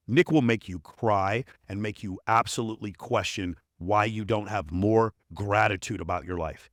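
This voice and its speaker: A man with a fairly low voice talks as a podcast guest in a dry studio. He is blunt and emphatic, swearing freely as he hammers home his points. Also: fairly bright tone, dry recording. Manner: blunt, profane, emphatic storytelling. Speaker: performance coach, podcast guest. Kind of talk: casual interview chat.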